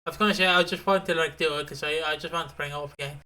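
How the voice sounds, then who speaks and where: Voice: medium pitch, steady tone, very fast, sharp tone. A co-host on a podcast, amused, retelling soap scenes with mocking bits. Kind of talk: casual chat recapping a soap.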